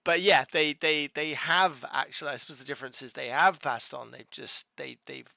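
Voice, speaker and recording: A co-host chatting casually on a live tabletop game stream, bubbly and animated, with laughs and trailing restarts. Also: mid-range voice, normal speed, gravelly, no echo, studio quality.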